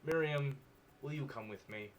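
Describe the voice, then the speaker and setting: A man's voice: mid-range voice, moderate pace, slight background noise, close to an everyday voice. A man voicing a stiff male alien classmate with formal, robotic delivery. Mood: solemn.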